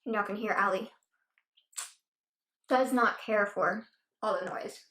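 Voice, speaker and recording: A woman's voice: medium pitch, slow pace, pushed and bright. Chatty woman eating on camera, echoey room. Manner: chatty, rambling, mouth-full murmurs of enjoyment. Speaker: mukbang vlogger. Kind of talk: casual eating chat. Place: at home. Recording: echoey room with faint noise.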